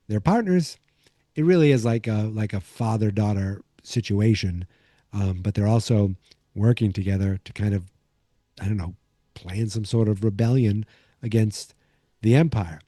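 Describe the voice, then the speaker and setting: A man's voice: lowish voice, warm tone, no echo, studio quality. A man hosting a podcast, recapping an episode in a loose, casual way, full of fillers and restarts. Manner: rambling, many fillers and restarts. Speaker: podcast host.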